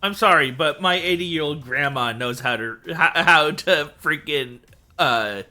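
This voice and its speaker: A man's voice: on the high side, a little slow, sharp tone, soft background music. A man in casual chat, exasperated, who stumbles and restarts his sentences. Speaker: streamer co-host.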